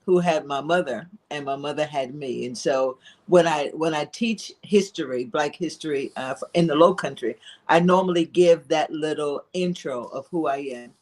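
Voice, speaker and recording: A woman guest on a talk stream, telling family history in a reflective, unhurried way with frequent pauses. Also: low voice. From Philadelphia, living in South Carolina. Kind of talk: casual interview storytelling.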